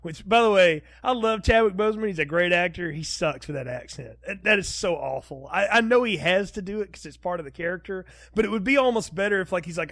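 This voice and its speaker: A man co-hosting a film review podcast in casual chat, animated and laughing often as he acts out quotes. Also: high-pitched, fast talker, few pauses, no room sound. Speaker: podcast co-host.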